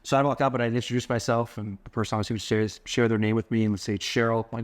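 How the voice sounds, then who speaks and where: A man co-hosting a casual podcast, talking fast and easily. He tells stories from the gym and his seminars, slipping into other people's voices as he quotes them. His pitch sits in the middle for a man. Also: little pitch movement. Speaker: podcast co-host.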